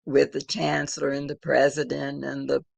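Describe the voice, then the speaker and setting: An older woman telling a personal story in an interview, in a measured, reflective way. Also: a bass voice, monotone, creaky, darkish tone, husky, no room sound. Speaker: interviewed elder.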